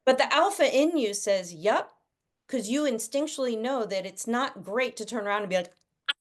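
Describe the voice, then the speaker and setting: A middle-aged woman talks through parenting ideas over a video call. She speaks casually and with plenty of life, and she often drops into quick impressions of children and parents as she explains. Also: fairly high pitch. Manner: animated, acts out kids' and parents' voices. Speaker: guest parenting expert.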